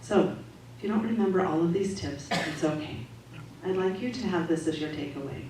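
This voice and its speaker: Calm woman speaking in an echoey hall. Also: lowish voice. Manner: calm, measured, gently instructive. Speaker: spiritual practitioner giving the Sunday talk. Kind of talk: sermon-style talk to a congregation. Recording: echoey hall audio from far off, faint noise.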